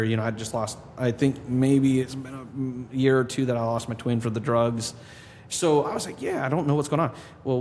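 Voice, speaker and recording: A man, a podcast guest, telling a long story in a casual interview and acting out what others said to him. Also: medium pitch. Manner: animated storyteller, quotes people in his own voice. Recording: long reverb with faint background noise.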